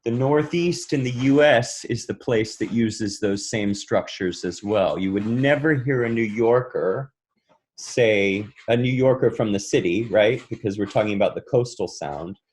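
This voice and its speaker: A man from the United States, a voice and speech coach, explaining pronunciation in a relaxed interview and demonstrating vowel sounds. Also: medium pitch. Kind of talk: conversational interview answer.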